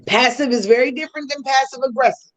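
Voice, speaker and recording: A woman's voice: high-pitched, quick pace, low-quality recording. A woman hosting a podcast, explaining communication styles in a teaching tone with casual slang asides. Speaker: podcast host.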